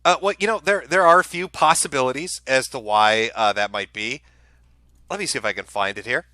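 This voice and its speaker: A man's voice: mid-range voice, a little fast, pushed and bright, no room sound. A man hosting a live stream, giving casual commentary in a sarcastic, profane, ranting way. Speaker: streamer host.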